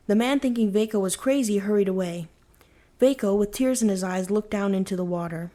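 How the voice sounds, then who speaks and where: A woman reading a folktale aloud as a bedtime story, in a calm, even storytelling manner. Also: medium pitch, brisk.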